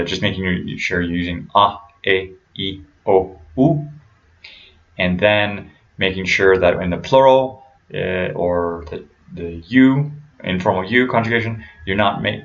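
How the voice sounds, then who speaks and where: A man teaching pronunciation rules patiently and methodically, slowing down to model each word. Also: deep voice, gravelly, a bit bright, highs cut off. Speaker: language teacher.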